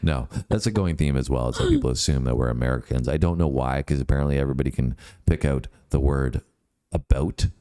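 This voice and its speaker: A man's voice: extremely low pitch, fast talker, mellow. A Canadian man co-hosting a casual chat, joking and rambling as he reacts to comments. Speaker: co-host.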